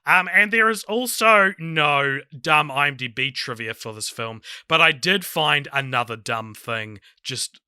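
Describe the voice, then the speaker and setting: Hoarse new zealand man, podcast host, very bright voice, dry close mic. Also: a little high, unhurried, hardly any pauses, no room sound. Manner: rambling, giggly, lots of fillers. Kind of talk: casual chat.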